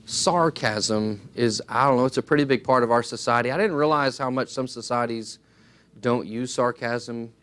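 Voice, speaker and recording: A man preaching a sermon, earnest and emphatic, swinging his pitch widely and acting out little dialogues as he goes. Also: moderate pace, fairly bright tone, clean tone.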